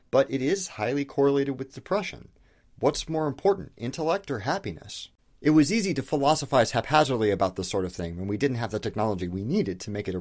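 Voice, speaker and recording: A man hosting an educational video, delivering a scripted explainer with emphatic, rhetorical questions and casual asides. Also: mid-range voice. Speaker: host of an educational video channel.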